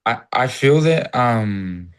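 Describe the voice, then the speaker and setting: A man's voice: medium pitch, lively intonation, slow pace, clear, resonant tone. A man from New Zealand with a New Zealand accent, talking casually as a guest in a reflective, rambling way. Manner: rambling, reflective, acts out cheerful greetings. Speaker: interview guest. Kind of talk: casual conversation.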